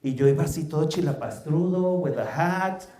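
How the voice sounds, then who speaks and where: Male panel guest, with asides, warm low tone, echoey hall. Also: a little fast. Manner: mixes English and Mexican Spanish, lively anecdotes. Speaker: small business founder, panel guest. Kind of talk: animated panel storytelling.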